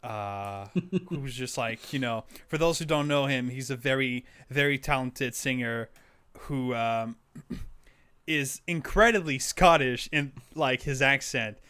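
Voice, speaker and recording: A man co-hosts a laid-back podcast, rambling through his thoughts with plenty of fillers and soft chuckles. His voice is smooth and clear, pitched in a middle range. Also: slow pace. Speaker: podcast co-host. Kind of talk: casual chat.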